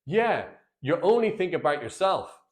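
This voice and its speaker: A man's voice: fairly high pitch, big pitch swings, normal speed. A man voicing an upset, lonely wife. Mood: hurt complaint. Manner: complaining, hurt. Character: upset wife feeling alone, complaining.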